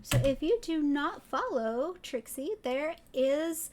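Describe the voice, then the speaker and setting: A woman from Tennessee with a Southern accent, chatting casually on a livestream, excitable and rambling off on tangents. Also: high voice, slow, hardly any pauses, a little hiss or hum. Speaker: streamer. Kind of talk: casual chat.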